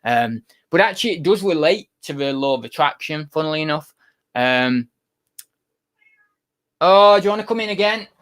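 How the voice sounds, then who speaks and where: A man's voice: fairly high pitch, lively intonation, moderate pace, long pauses, a bit bright. A young British man hosting a casual livestream, rambling to viewers in the chat. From United Kingdom. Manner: rambling, talks to viewers and to his cat. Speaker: livestream host, online reseller.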